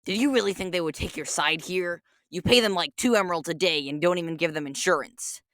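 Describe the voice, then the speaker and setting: A woman's voice: on the low side, fairly quick, a bit bright, dry recording, natural voice. A woman voicing a vengeful male nature spirit who makes solemn, menacing threats in a game video. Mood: scornful.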